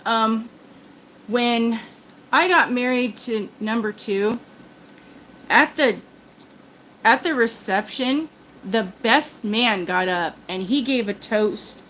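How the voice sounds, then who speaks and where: A woman's voice: fairly high pitch, takes it slowly, pauses often, a bit bright, a little hiss or hum, rough recording. An older woman hosting a live stream, chatting casually and rambling with lots of restarts; she calls herself a big talker. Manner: chatty, self-described talker, many restarts.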